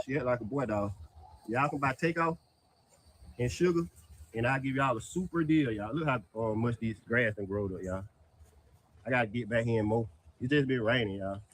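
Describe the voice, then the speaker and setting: A man, casually pitching his dogs for sale to viewers outdoors in his yard, peppering his talk with "y'all". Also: slight background noise. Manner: drawls "y'all" constantly, Southern US dialect. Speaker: dog breeder selling dogs.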